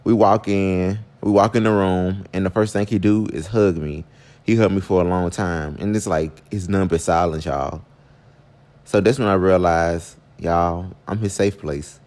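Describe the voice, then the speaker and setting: Man telling a storytime, chatty and fairly low. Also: fairly even intonation, normal speed, darkish tone. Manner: chatty, talks straight to viewers, sudden pitch jumps. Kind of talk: casual storytime vlog.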